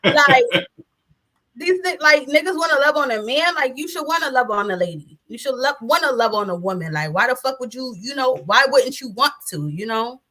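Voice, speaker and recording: A woman's voice: high voice, lively intonation, moderate pace, pushed and bright. A woman in her thirties talking bluntly and profanely as an interview guest, often laughing. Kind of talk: casual interview chat.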